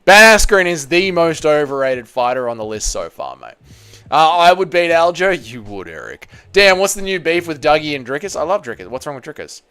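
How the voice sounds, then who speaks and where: A man's voice: a little high, big pitch swings, fairly quick, pushed and bright, smooth, dry recording. An Australian man hosting a casual livestream, reading viewer comments aloud and bantering bluntly with plenty of swearing. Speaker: livestream host.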